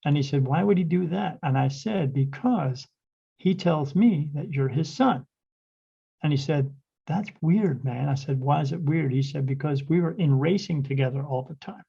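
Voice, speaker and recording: A man's voice: on the high side, moderate pace, gravelly, warm tone, breathy edge. A man, a spirit medium guest on a podcast, telling a rambling story in casual talk, acting out quoted dialogue with many restarts. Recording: dull, lo-fi podcast audio.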